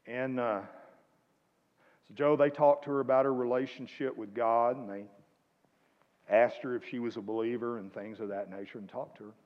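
A man preaching a sermon, swinging between loud exhortation and quiet asides. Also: medium pitch, steady tone, moderate pace, pauses often. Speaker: pastor. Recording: muffled, reverberant church hall.

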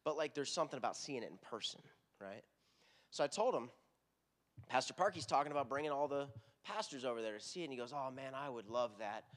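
A man's voice: medium pitch, animated, fast. A middle-aged man with a Texan accent, a worship pastor preaching a sermon in a conversational, earnest, storytelling way.

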